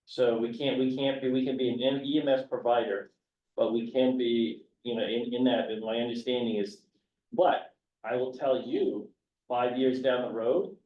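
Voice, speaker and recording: A man's voice: mid-range voice, normal speed. A man serving as county commissioner at a public meeting, rambling with restarts and reading statute text aloud. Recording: echoey, dull, distant room recording with faint hum.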